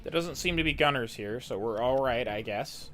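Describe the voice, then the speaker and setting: Male let's-play host, sarcastic and foul-mouthed, animated delivery, game music in the background. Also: medium pitch. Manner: profane, sarcastic, quick to frustration. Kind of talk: gameplay commentary.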